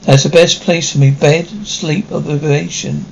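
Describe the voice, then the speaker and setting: An older actor playing a melancholy aging stage star in a 1950s television drama, talking in a wistful, theatrical way. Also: male voice, fairly high pitch, steady tone, normal speed, gravelly, rough recording. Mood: weary, melancholy. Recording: faint hiss of an old TV soundtrack.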